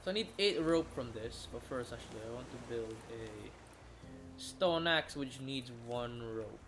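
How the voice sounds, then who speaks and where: A man's voice: mid-range voice, animated, unhurried, fairly bright tone, faint music behind. A tired man giving rambling gameplay commentary, often restarting his sentences and swearing casually. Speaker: gamer.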